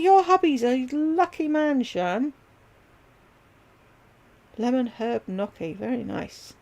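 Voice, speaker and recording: Rambling, gravelly-voiced woman chatting on a livestream. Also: on the high side, darkish tone. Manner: rambling, chatty, talks straight to viewers by name. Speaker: livestream host chatting with viewers. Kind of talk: casual livestream chat.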